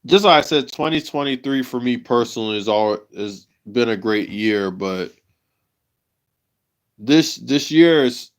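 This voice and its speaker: A man of middle pitch speaks slowly on his livestream. He stops and restarts his phrases and repeats them as he talks with deep emotion. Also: animated. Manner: halting, repeats himself, emotional. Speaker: livestream host.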